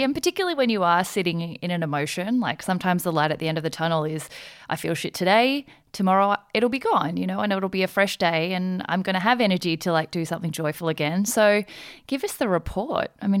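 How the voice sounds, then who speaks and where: A woman chatting as a podcast guest. Her voice sits a little low, and she laughs often as she talks. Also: expressive, fairly quick, dry recording, clean studio sound. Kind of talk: casual chat.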